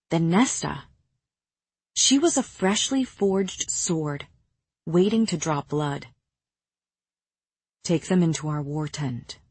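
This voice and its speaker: A woman narrates a novel in first person at a measured, even pace. Her voice sits fairly low with a husky grain. The recording is close and dry. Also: no echo. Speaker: audiobook narrator.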